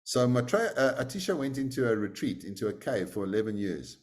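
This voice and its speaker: A man's voice: mid-range voice, sing-song, a little fast, a little mellow. A man teaching a class, telling a story in a conversational way with many fillers. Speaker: meditation teacher. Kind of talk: storytelling in a lesson.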